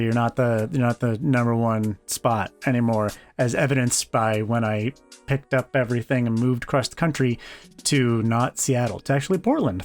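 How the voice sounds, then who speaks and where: A young man talks straight to the camera in a loose, joking vlog style, wandering off into self-mocking asides. His voice sits at an ordinary middle pitch. Soft guitar music plays faintly underneath. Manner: jokey, rambling, self-deprecating asides. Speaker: vlogger.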